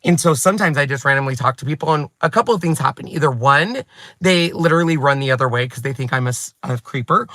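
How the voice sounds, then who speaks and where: A man in his forties, a craft YouTuber and channel host, chatting to his viewers in a lively, self-mocking way. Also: mid-range voice, fast, no echo. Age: 40s. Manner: chatty, animated and self-mocking, with bursts of laughter. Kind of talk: chatty vlog storytelling to viewers.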